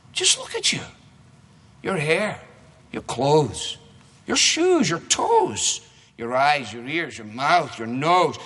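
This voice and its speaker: A man squeaking out shrill gossiping village women. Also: sharp tone, husky, exaggerated voice. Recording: echoey hall reverb.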